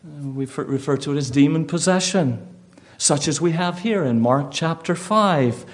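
A man's voice: a little high, lively intonation, moderate pace. A male preacher giving a sermon, telling a vivid story and putting questions to his listeners.

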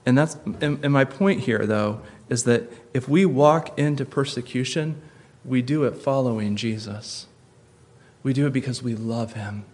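A man preaching a sermon, earnest, slowing and softening for tender points and rising to emphatic peaks. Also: medium pitch. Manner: drops soft and slow for tender points. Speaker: pastor.

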